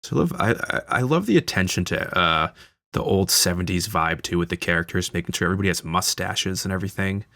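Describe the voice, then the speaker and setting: A man's voice: low-pitched, quick pace, creaky, bright, forceful tone, no echo, studio quality. A man hosting a casual film commentary, talking like an enthusiastic fan with frequent fillers and restarts. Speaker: channel host.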